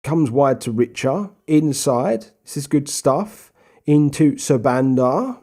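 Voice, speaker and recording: A young man casually commentating his own football management game, chatty, with sudden bursts of excited shouting. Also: medium pitch, slow. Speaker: gaming YouTuber. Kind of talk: casual Let's Play commentary.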